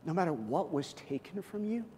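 A man's voice: a little high, normal speed. A middle-aged man preaching a sermon, telling stories and joking with the congregation. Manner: storytelling, animated, jokes with the congregation. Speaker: pastor. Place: church hall. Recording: long hall reverb, faint room noise.

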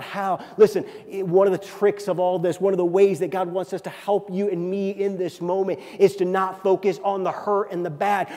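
Male pastor with a high voice, preaching with dynamic hushed-to-emphatic swings; hall reverb. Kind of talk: sermon.

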